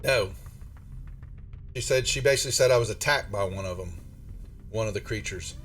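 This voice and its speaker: A man running a tabletop horror game as game master, narrating in a rambling, halting way full of restarts and fillers. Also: on the low side, fairly bright tone, a little hiss or hum.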